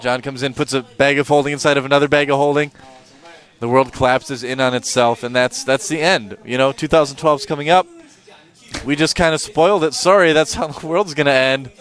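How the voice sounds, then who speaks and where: A man's voice: medium pitch, fairly even intonation, brisk, fairly bright tone. A man commentating an esports match, with jokey, rambling banter between the plays. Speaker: esports caster. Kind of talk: play-by-play commentary. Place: broadcast studio in Seoul. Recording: music playing under the voice.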